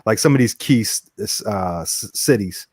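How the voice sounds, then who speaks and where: A man chatting casually in a relaxed, chatty way as co-host. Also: on the low side, normal speed, husky, dry recording, studio quality. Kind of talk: casual chat.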